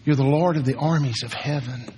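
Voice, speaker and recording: An older man preaching a sermon as pastor, moving from hushed, slow words to shouted commands for quiet. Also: medium pitch, slight background noise. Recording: long hall reverb.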